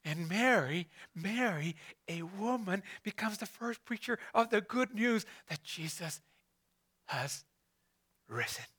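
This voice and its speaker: A man's voice: high voice, expressive, takes it slowly, a bit bright, breathy edge. A man preaching a conversational sermon, asking his listeners rhetorical questions and addressing some of them by name.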